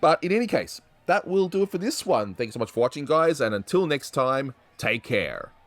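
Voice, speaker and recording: Animated male host of a review show. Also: mid-range voice, normal speed. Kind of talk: casual review chat.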